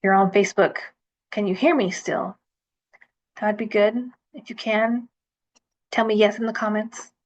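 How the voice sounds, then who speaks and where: A woman's voice: medium pitch, fairly even intonation, unhurried, pauses often, lo-fi sound. A woman hosting a self-love livestream, chatting casually with lots of fillers and restarts. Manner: chatty, rambling, with many fillers.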